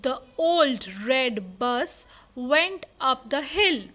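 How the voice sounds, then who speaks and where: A woman's voice: high-pitched, animated, extremely slow, few pauses, pushed and bright, a little hiss or hum. A woman teaching reading, sounding out words letter by letter and reading simple storybooks aloud in a phonics lesson.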